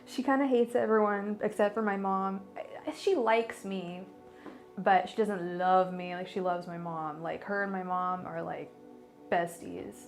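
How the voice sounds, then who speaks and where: A woman's voice: mid-range voice, fairly even intonation, measured pace, creaky, soft background music. Bubbly, gushing woman tarot reader. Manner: bubbly, gushing, giggly, with many fillers. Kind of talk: casual livestream chat.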